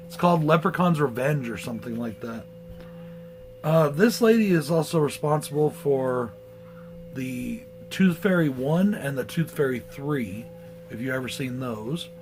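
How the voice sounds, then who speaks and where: A man's voice: on the high side, expressive, normal speed, slight background noise, low-quality recording. A man giving a blunt, profane movie review in a casual rant.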